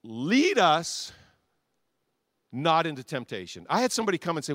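A man's voice: on the high side, big pitch swings, normal speed, fairly bright tone, no echo, studio quality. Emphatic pastor man preaching. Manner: emphatic, repetitive, leads congregation call-and-response. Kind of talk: sermon.

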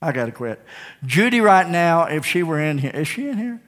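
A man's voice: fairly high pitch, very animated, normal speed, a bit bright. A man preaching a sermon in a church, telling folksy stories and joking with his congregation before calling them to the altar. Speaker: pastor. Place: church sanctuary. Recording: live church sound with long reverb and faint guitar.

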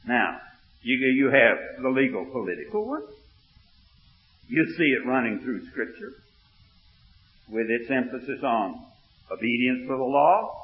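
A man preaching a sermon, telling a story with quoted dialogue, then rising into emphatic preaching. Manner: animated, retells dialogue in a low voice, rises when preaching. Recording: muffled recording in an echoey hall.

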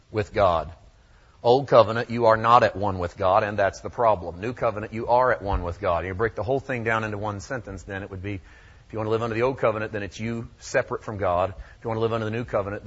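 A male pastor preaching a sermon, asking rhetorical questions and repeating key phrases, swinging from quiet low phrases to loud high ones. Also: dull audio.

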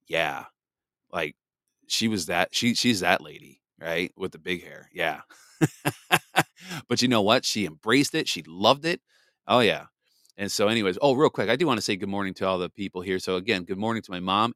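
Chatty low-voiced man hosting a podcast. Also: a bit bright, no echo, studio quality. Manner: rambling, chatty, greets listeners in the live chat. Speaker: podcast host. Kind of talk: casual live podcast chat.

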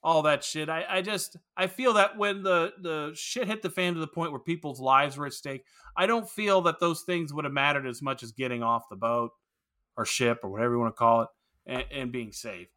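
Man, podcast co-host, casual chat, bright slightly high voice, opinionated, swears freely. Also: moderate pace. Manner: rambling, profane, opinionated. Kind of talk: casual film-review chat.

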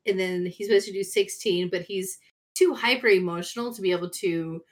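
A woman in a relaxed podcast chat who swears freely and throws in dry jokes. Her voice sits at an ordinary pitch, and she talks at an everyday pace. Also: a little fast. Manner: wry, profane, jokey asides. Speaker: podcast co-host. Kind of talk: casual chat.

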